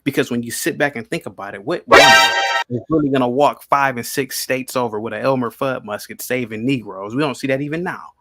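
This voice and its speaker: A man's voice: mid-range voice, fairly quick, pushed and bright, soft background music. A man hosting a heated live-stream debate, combative and repeating his questions insistently. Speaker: podcast host.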